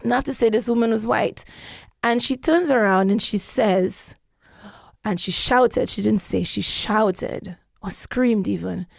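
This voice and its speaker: A woman telling a story in casual podcast chat, animated and acting out the quotes she tells. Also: unhurried, gravelly, no room sound. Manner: animated, acts out quotes with big pitch jumps.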